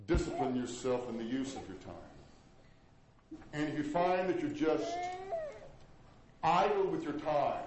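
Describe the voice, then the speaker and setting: High-voiced preacher man in an echoey hall. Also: normal speed. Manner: animated preaching, swinging from loud highs to low murmurs. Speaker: pastor. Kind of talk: sermon. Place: church sanctuary. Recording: echoey hall with faint noise.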